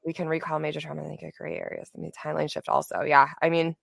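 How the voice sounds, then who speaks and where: A woman in casual chat as a podcast co-host, talking fast and swearing as she speculates. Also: low voice, level tone, vocal fry, no room sound, clean studio sound.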